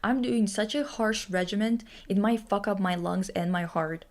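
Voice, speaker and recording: A woman's voice: medium pitch, normal speed, darkish tone. Blunt, profane woman streamer. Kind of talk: casual livestream chat.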